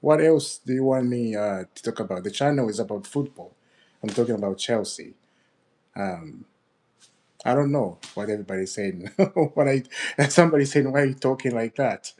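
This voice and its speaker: A man hosting his own football fan channel, ranting in an upset, animated way, laughing and repeating himself. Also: mid-range voice. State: upset, fuming. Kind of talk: ranting video commentary.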